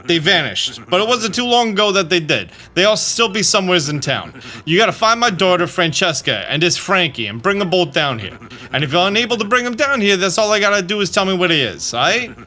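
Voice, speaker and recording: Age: older. Figure: a man growling as a gruff mob boss. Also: high-pitched, sing-song, a little fast, sharp tone, heavily acted. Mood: menacing. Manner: tough-guy mobster drawl, threatening.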